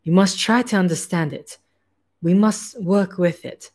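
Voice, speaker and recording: Putting on a German accent, a woman voices a frail little scientist who is earnest and devout. Her high, somewhat mellow voice makes him plead in halting, formal speech.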